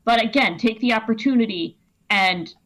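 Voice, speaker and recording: A woman co-hosting a stream, explaining writing rules in quick, wry, casual talk. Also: on the high side, fairly bright tone. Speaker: co-host critiquing viewer writing.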